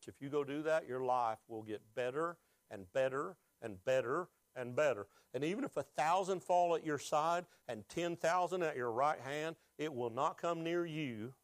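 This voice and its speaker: A man's voice: on the high side, moderate pace, few pauses, dry recording. A pastor preaching a sermon, asking the congregation questions and rising with emotion as he is moved.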